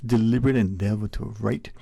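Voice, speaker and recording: Radio host, man, low mellow gravelly voice, rambling thoughtful questions. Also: fairly even intonation, a little fast, dry recording. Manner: musing, roundabout questions. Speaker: radio talk show host. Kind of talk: casual radio interview.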